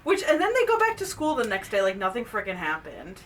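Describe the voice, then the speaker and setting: This is a woman co-hosting a casual podcast, talking through a horror film with a friend. Her voice is bright and forceful, animated, and quick to laugh. She sits a bit back from the mic, with a faint hiss behind her. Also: medium pitch, recorded from a distance, rough recording. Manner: animated, laughs often, acts out quotes in a raised voice. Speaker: podcast co-host. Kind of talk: casual movie recap chat.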